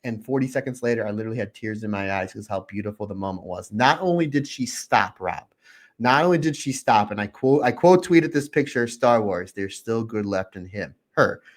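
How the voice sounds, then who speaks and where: A man co-hosting a podcast in casual chat, talking excitedly and acting out his own reactions with open emotion. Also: mid-range voice, fairly quick. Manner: openly emotional. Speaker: podcast co-host.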